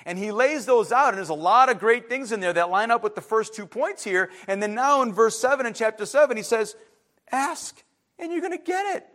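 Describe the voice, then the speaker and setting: A man preaching a sermon as a pastor, emphatic, his voice swinging between loud outbursts and hushed asides. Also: high-pitched, a little fast, few pauses.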